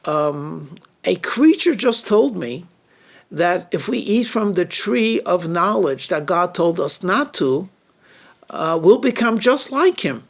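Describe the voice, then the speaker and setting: The first woman of a sacred story, voiced by a man, hesitant and wistful, her words faltering a little. The voice is high and unhurried, with a slow, deliberate pace. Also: very animated, gravelly, full character voice.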